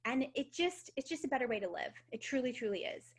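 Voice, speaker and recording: A woman's voice: high voice, animated, fast talker, breathy edge. Upbeat woman giving a motivational talk. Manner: upbeat, conversational, casual swearing. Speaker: guest speaker. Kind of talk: motivational talk on a team call. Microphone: video call.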